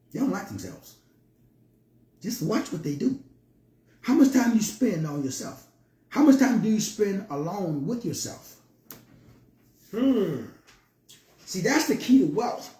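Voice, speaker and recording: A man's voice: high voice, very animated, slow pace, long pauses, warm tone, echoey room. A man giving a motivational monologue in a preachy, playful way with slangy asides. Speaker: motivational speaker.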